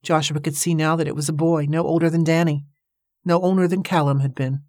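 A woman narrating an audiobook in a steady, measured storytelling manner, recorded on a close microphone. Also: low voice, no echo.

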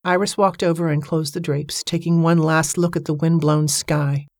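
A woman narrating an audiobook novel in a measured, even storytelling manner. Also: deep voice, no echo, clean studio sound. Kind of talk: scripted narration.

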